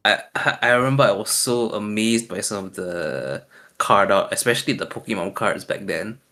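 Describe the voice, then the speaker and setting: A man's voice: fairly low pitch, moderate pace, bright, forceful tone. A man co-hosting a podcast, chatting casually with short, easygoing replies. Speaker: podcast co-host. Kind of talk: casual chat.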